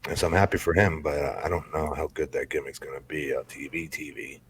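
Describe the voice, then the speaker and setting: Low husky man telling stories. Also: fairly even intonation, fast, a bit bright. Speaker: podcast guest, former wrestler. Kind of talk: casual podcast chat.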